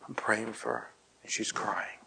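A man preaching, telling a personal story and often dropping to a hushed, breathy near-whisper. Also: fairly low pitch, monotone, measured pace, low-quality recording. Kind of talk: storytelling sermon.

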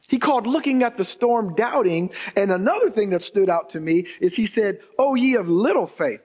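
A man with a notably high-pitched voice preaches a sermon. He stretches out key phrases, then climbs into emphatic, rising bursts as he drives each point home. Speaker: pastor.

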